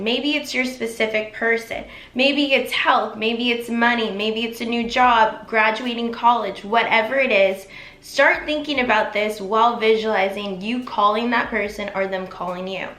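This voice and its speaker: A woman's voice: a little high, normal speed, a bit bright. A woman coaching viewers in an instructional vlog, upbeat and encouraging, speaking straight to her audience. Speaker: manifestation coach. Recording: echoey room.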